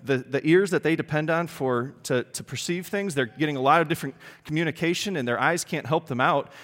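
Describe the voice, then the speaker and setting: A man preaching a sermon in an animated, emphatic way, often putting questions to his congregation. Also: a little high, a little fast, long reverb tail. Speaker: pastor.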